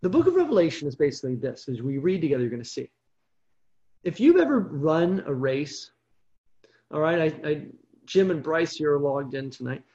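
Animated Bible study leader, lo-fi sound. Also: mid-range voice, normal speed. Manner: animated storytelling with frequent check-ins. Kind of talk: evening online Bible study.

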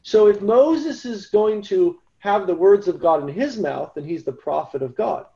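A man's voice: high voice, lively intonation, measured pace, gravelly, warm tone, highs cut off. A man giving a Bible study lecture in a conversational way, often checking in with "right?". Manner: conversational, keeps asking "right?". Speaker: Bible teacher.

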